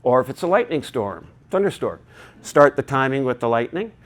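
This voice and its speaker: A man's voice: medium pitch, sing-song, moderate pace. A man presenting a technical talk to a live conference audience, chatty and digressive, with joking asides. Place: conference hall.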